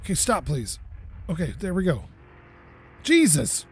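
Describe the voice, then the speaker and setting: A gaming YouTuber gives casual, excitable gameplay commentary from home, laughing, swearing and talking to objects in the game. His voice is high-pitched and husky, and he speaks unhurriedly.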